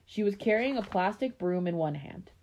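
A woman reading a story aloud in a relaxed way, breaking off now and then for chatty asides. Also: medium pitch, normal speed.

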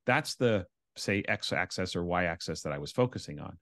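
A man's voice: low-pitched, animated, moderate pace, a bit bright, no echo, clean studio sound. A man from Canada, an education consultant, explaining his ideas earnestly as a guest in an interview. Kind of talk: interview conversation.

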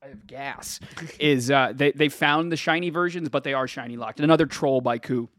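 A man's voice: mid-range voice, moderate pace, fairly bright tone, no room sound, studio quality. A man co-hosting a casual gaming podcast, stammering through restarts and cracking crude jokes. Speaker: podcast co-host.

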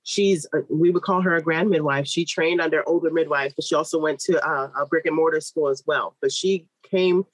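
A woman in her thirties tells a long personal story in an interview, slipping into other people's voices as she goes. Her voice is slightly husky, and the sound is close and dry with no room around it. She speaks as a midwife. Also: low-pitched, brisk, few pauses, no room sound, poor audio. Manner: lively, animated storytelling with quoted voices.

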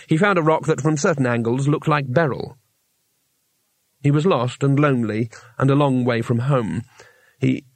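A man narrating a fantasy novel audiobook in an even storytelling manner. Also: mid-range voice, no room sound. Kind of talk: scripted narration.

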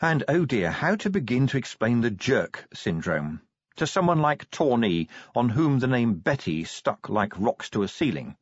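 A man's voice: medium pitch, very animated, normal speed, dry recording, dull audio. A man narrating a comic audiobook with wry, dry timing.

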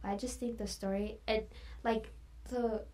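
A woman's voice: a little high, fairly even intonation, measured pace, a little mellow. A woman guest in a casual chat, talking in a chatty way with many fillers and sometimes dropping to a whisper.

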